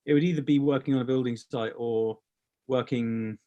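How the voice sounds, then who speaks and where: A man with a medium-pitched voice tells stories about his past in a relaxed interview. He rambles, restarts phrases and swears casually as he goes. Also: normal speed, dull audio. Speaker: brand founder, guest.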